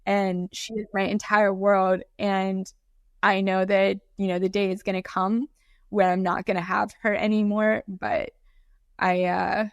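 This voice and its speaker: A woman co-hosting a podcast remotely, talking in a halting, candid, emotional way. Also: medium pitch, flat delivery, smooth, no echo, studio quality. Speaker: podcast co-host. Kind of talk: casual chat.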